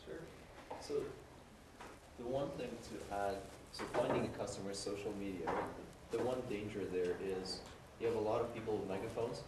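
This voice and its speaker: A man's voice: fairly low pitch, brisk, background noise. A man adding a thoughtful point at a conference discussion, often ending with a tag question. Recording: roomy hall mic from far off.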